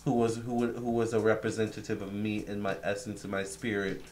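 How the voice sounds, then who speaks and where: A man quoting a proud young woman's spirit in his own low voice, slow and emphatic. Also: level tone, a little mellow, lightly acted. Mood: firm.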